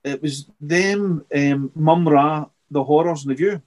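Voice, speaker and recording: A middle-aged man with a slightly high voice, talking as a podcast guest. He rambles in a halting, easy way, repeating words as he gathers his thoughts. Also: a little mellow. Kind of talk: casual interview chat.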